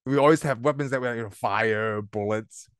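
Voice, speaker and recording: A man's voice: mid-range voice, fairly quick, clean tone, dry recording. Rambling, laughing man in a dry room. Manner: rambling, laughs often, trails off mid-sentence. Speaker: podcast co-host. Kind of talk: casual movie review chat. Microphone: own microphone, remote call.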